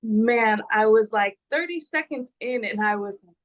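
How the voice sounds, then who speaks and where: A woman's voice: on the high side, a little slow, rough recording. A woman talking casually as a guest in a fitness check-in, telling stories with lots of fillers. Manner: chatty, storytelling with fillers. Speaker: guest, fitness group member. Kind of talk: casual conversation.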